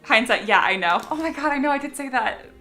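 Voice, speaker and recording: A woman's voice: high-pitched, animated, quick pace, bright, forceful tone, reverberant, soft background music. Chatty woman streaming while she sculpts. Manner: chatty, self-deprecating, reads chat aloud. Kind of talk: casual live-stream chat while sculpting.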